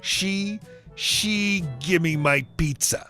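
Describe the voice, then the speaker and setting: A man voicing a rude, entitled woman customer who makes demands and insults staff, read in a flat storytelling voice. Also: high-pitched, extremely slow, faint music behind, exaggerated voice. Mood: demanding.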